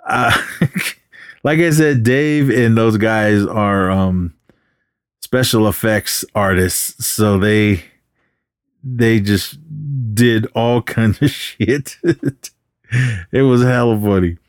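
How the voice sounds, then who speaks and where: A man's voice: on the low side, slow, long pauses, smooth, no echo, clean studio sound. A man hosting a podcast, casually recapping a movie in a rambling way and acting out the characters' lines. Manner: rambling retelling with acted quotes. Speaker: podcast host.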